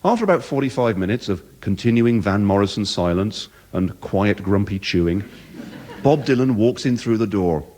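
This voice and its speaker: A British man performing live comedy, telling a story in an animated, mock-dramatic way. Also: fairly low pitch, moderate pace. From Britain.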